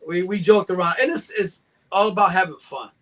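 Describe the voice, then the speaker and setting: A high-pitched older man from Mexico chats casually as a guest, spinning jokey stories. He acts out his sales pitches to passersby with playful banter. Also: fairly quick, a bit bright. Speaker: guest reptile breeder. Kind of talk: casual live chat.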